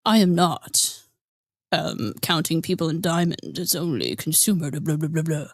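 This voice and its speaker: A woman mocking a smug, evasive man in a lowered voice. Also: normal speed, dry recording, studio quality. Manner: mocking imitation, lowered and drawn out. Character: smug evasive grown man dodging a point.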